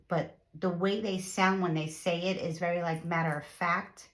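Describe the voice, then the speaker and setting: A woman's voice: on the low side, steady tone, moderate pace, few pauses, fairly bright tone. A woman chatting through a casual tarot reading to her viewers, repeating herself and using lots of fillers. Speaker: tarot reader.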